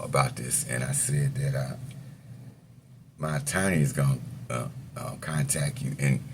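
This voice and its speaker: A middle-aged man with a very low, gravelly voice tells his story in loose, profane street talk. He rambles with plenty of fillers and slips small laughs between phrases. Faint noise sits under the voice. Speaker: storyteller recounting his past. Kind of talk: casual personal storytelling.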